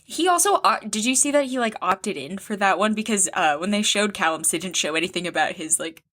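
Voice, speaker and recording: A woman's voice: medium pitch, animated, brisk, a bit bright. Blunt, joking young woman co-host. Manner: blunt, joking, swears casually. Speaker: podcast co-host. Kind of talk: casual chat.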